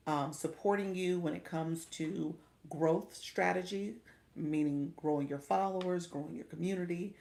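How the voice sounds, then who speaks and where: A middle-aged woman, hosting a casual livestream. Her voice sits low and has a gravelly edge. She chats with viewers as friends and laughs often. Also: darkish tone. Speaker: live coach.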